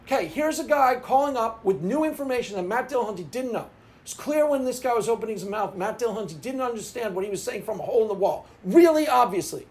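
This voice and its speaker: A man's voice: extremely high pitch, expressive, fast talker. A man hosting his own channel, giving opinionated video commentary in an emphatic, scolding way, repeating his points for weight. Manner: emphatic, repetitive, scolding rant. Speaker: channel host.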